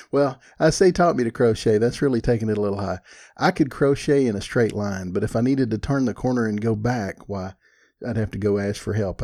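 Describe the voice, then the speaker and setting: A man's voice: fairly low pitch, dark tone. An older man, hosting a podcast with rambling, folksy, self-deprecating chat. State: a little out of breath. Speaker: podcast host. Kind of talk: casual solo podcast talk.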